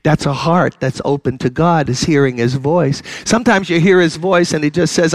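A man's voice: a little high, normal speed, few pauses, some chatter behind, slight background noise. An older man preaching a sermon, building to impassioned, emphatic exhortation and then easing back to direct, conversational appeals. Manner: impassioned, rising to loud exhortation.

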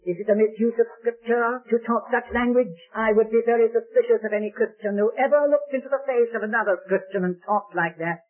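A man preaching a sermon with dramatic storytelling and slow, emphatic stresses. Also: very high-pitched. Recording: tinny old lo-fi recording.

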